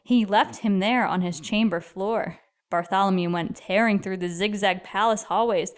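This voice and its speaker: A woman reading a children's picture book aloud in an expressive, lively storyteller manner. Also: medium pitch, moderate pace, smooth.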